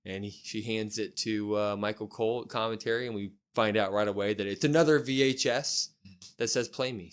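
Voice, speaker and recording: A man's voice: mid-range voice, fairly bright tone. A male podcast co-host tells a story in a loose, slangy play-by-play. His voice sits in an ordinary middle register, and the chat stays casual and easygoing. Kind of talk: casual chat recapping a wrestling show.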